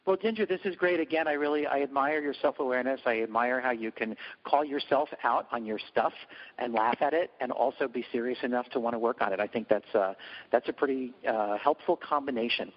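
Halting, supportive male radio host. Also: medium pitch, big-room sound. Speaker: radio talk show host. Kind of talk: call-in radio chat. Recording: dull lo-fi radio sound.

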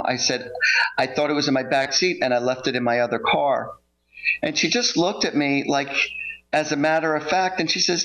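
A man's voice: medium pitch, fairly bright tone, dull audio. A man who works as a psychic reader, telling a story casually and rambling, with many fillers and restarts.

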